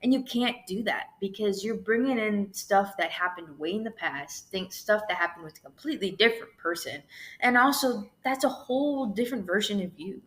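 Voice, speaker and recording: Bright-voiced young woman podcaster, swearing. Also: mid-range voice, moderate pace. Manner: chatty, swears freely, lots of "like" and "you know". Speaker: podcast host. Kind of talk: casual solo podcast monologue.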